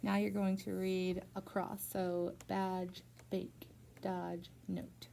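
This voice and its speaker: A young woman works through a phonics lesson one-on-one, patient and encouraging, prompting with steady questions. Her voice has a slight gravelly edge and a mellow, dark tone. Faint background noise sits under the recording. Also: mid-range voice, slow pace. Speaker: reading teacher.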